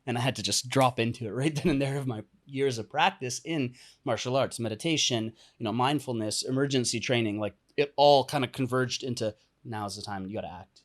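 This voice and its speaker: A young man tells a personal story on a podcast with lots of energy. He laughs often and jumps into the voices of the people he is describing, so his delivery swings and stays lively. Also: mid-range voice, a little fast. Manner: animated, laughs often, acts out quoted lines. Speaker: podcast guest, entrepreneur and coach. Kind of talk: casual storytelling interview.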